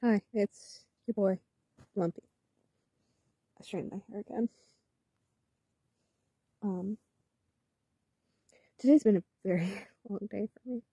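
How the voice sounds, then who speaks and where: A woman's voice: mid-range voice, slow pace, pauses often, warm tone, slightly rough. A woman playing a young man vlogging in a rambling, hesitant way, with many ums. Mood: weary. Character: young vlogger who calls himself "your boy", a male figure. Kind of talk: vlog-style monologue. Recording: roomy echo from a distant mic.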